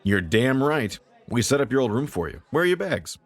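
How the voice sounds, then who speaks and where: A man's voice: mid-range voice, sing-song, moderate pace, voice pushed up. A man voicing a boisterous father who is firm but loving with his son.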